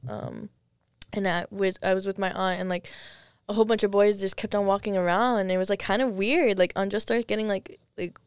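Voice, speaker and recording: A woman's voice: mid-range voice, fairly even intonation, a little fast, smooth, no room sound, studio quality. A young woman, a podcast guest, telling stories in a rambling casual chat, full of restarts. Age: young adult.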